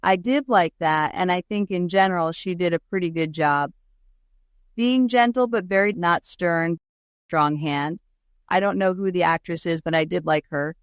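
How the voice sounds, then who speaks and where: A woman's voice: fairly low pitch, normal speed, smooth, no echo, studio quality. A woman co-hosting a podcast, talking through a film adaptation in a chatty, reflective way. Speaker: podcast co-host. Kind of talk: casual chat.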